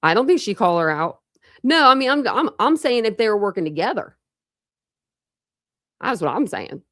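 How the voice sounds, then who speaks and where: A woman's voice: mid-range voice, sing-song, moderate pace, fairly bright tone, dry recording, clean studio sound. A woman hosting a true crime livestream, chatting casually and rambling with lots of restarts. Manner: rambling, self-interrupting.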